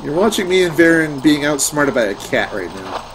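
Animated sarcastic male game streamer. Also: fairly high pitch, moderate pace, background noise. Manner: sarcastic, playful banter with a co-player, swears freely. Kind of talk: casual gameplay chat. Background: game music.

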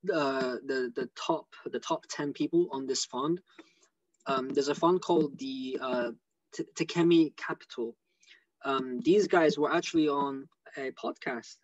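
A man with an English accent giving rambling, excitable commentary on a live stream over a video call. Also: fairly high pitch, no echo, muffled recording. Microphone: computer mic on a video call.

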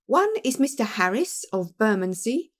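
A woman reading an audiobook, voicing a glib young male clerk who talks briskly and smoothly. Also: fairly high pitch, big pitch swings. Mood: eager.

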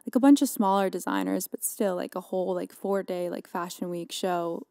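A young woman chatting casually on her podcast, rambling through a story with filler words at every turn. Her voice is mellow and soft-edged, and the recording is close and dry with no room sound. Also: lowish voice, moderate pace, no room sound. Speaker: podcast host.

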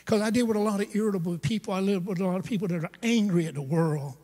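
High-voiced man preaching with humor. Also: racing, warm tone. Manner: humorous, conversational preaching with asides to the congregation. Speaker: pastor. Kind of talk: storytelling sermon. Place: church sanctuary. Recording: long church hall reverb.

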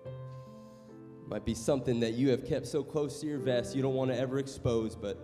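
A man preaching a sermon as pastor in a church, passionate, moving between loud exhortation and quiet storytelling. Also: medium pitch, steady tone, moderate pace. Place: church sanctuary. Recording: long hall reverb with music behind.

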